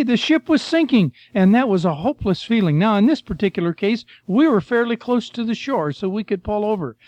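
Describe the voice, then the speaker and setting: Older male preacher, folksy and storytelling, high voice, muffled dry sound. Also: a little mellow, dry recording. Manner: folksy, storytelling, addresses listeners as folks and friend. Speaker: preacher, former missionary. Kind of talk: sermon with Bible reading.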